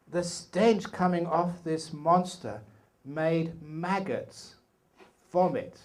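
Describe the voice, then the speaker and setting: An older man with a British accent gives a storytelling dharma talk at a retreat. He talks slowly, in a voice a little higher than most men's, and his telling is playful and full of humorous asides. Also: darkish tone. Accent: British English. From England. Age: 60s. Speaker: meditation teacher. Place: retreat hall.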